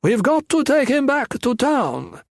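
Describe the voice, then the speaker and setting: A male narrator puts on a shrill, reedy henchman voice for a smug, dim-witted gunman in a crime audiobook. The voice sits far above his own register and is read at a deliberate, unhurried clip over a dry, close recording. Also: very animated, no echo, exaggerated voice. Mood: blunt. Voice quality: high, shrill. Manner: smug, blunt.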